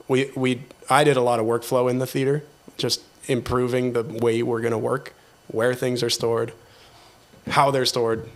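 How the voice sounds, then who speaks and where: A man hosting a casual podcast chat about theatre work, talking in an animated way and laughing often. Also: mid-range voice, creaky. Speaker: podcast host, theatre technician.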